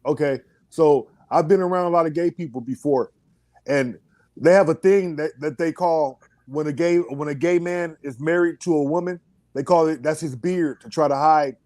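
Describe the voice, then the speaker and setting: A man's voice: on the high side, normal speed, a little mellow, no room sound. A man chatting casually on a talk show, telling loose, profane stories and acting out quotes from his kids. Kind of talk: casual chat.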